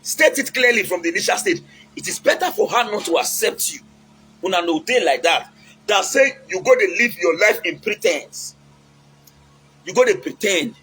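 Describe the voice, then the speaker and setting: Nigerian man, high voice, preachy advice talk, faint noise behind. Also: animated, normal speed, pushed and bright, poor audio. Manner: preachy, mixes in Pidgin, acts out quotes.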